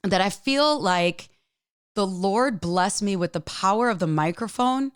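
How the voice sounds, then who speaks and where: A woman's voice: mid-range voice, animated, measured pace, smooth, no room sound. Woman doing a pep-talk podcast, emotional and choked up, super dry close mic. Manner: earnest, emphatic, speaks straight to listener. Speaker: podcast host. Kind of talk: motivational solo podcast talk.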